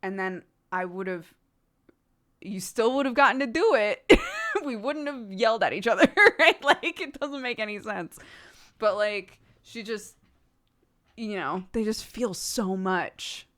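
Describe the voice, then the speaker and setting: A woman in her thirties streams to her viewers, chatting casually, rambling and laughing often. She speaks at a measured pace in a medium-pitched, slightly bright voice.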